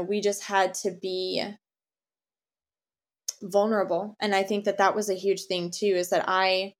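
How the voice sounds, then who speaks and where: A young adult woman, a podcast guest, speaking openly and earnestly about her personal experience. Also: medium pitch. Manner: open, earnest, says "y'all"-style casual "like". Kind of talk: personal story in interview.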